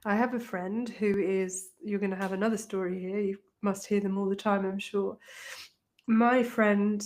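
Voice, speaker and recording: A woman in her fifties hosting a podcast interview, speaking haltingly as she searches for words. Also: mid-range voice, fairly even intonation, a little mellow. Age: 50s. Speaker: podcast host. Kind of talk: conversational interview.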